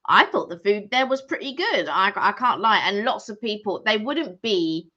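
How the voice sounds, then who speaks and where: A woman's voice: mid-range voice, big pitch swings, moderate pace, pushed and bright. A woman, co-hosting a casual live stream and chatting in a rambling way with many fillers. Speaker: co-host. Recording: dull lo-fi sound.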